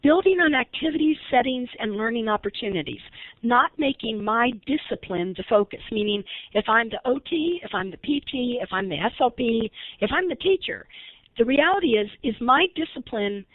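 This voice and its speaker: A woman's voice: fairly high pitch, animated, moderate pace, no room sound. A woman leading a recorded webinar training, talking conversationally and asking her audience questions. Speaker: early intervention trainer. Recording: tinny phone-like line, dry.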